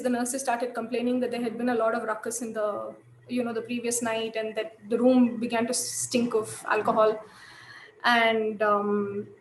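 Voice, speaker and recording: A woman's voice: fairly high pitch, slight background noise. Woman lecturing in an echoey room. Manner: thoughtful, many fillers and restarts. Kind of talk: lecture storytelling.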